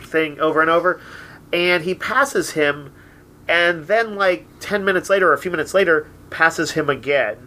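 A man's voice: a little high, moderate pace, bright, forceful tone. A man co-hosting a podcast, chatting eagerly about movies with lots of fillers. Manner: chatty, enthusiastic, many fillers. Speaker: podcast co-host. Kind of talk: casual film discussion.

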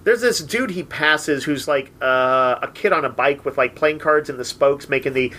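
A man's voice: mid-range voice, normal speed, sharp tone. A man co-hosting a podcast, chatting eagerly about movies with lots of fillers. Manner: chatty, enthusiastic, many fillers. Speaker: podcast co-host. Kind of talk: casual film discussion.

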